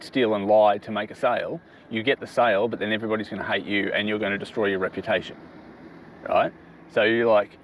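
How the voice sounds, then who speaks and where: A man's voice: fairly low pitch, slight background noise. A middle-aged man casually giving business advice to his daughter, explaining step by step and often asking "right?" to check she follows.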